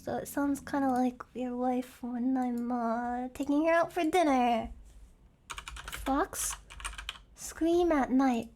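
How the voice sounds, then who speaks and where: A woman's voice: high voice, fairly even intonation, slow pace, darkish tone. A young woman streamer chatting casually as she reacts to videos, giggling and playfully imitating animal screams. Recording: noisy stream audio.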